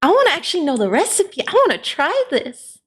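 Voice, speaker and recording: A woman's voice: very high-pitched, wildly swooping pitch, brisk. A woman in her twenties in casual, giggly, easygoing chat while reacting to a video. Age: 20s.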